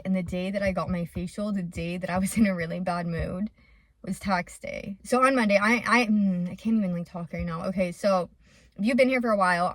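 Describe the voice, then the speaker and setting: In a confessional vlog, a young woman who runs a small business rambles openly to her audience with plenty of "like" fillers. Her voice is fairly low-pitched, and the sound is clean studio quality with no echo.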